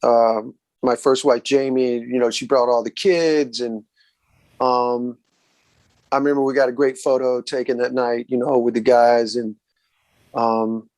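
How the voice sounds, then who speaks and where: A man with a Southern US accent, a guest musician, telling road stories in a relaxed, casual way and often saying "man". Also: mid-range voice, a little slow, no room sound. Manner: relaxed, says "man" a lot, acts out quoted voices. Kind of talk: casual storytelling interview.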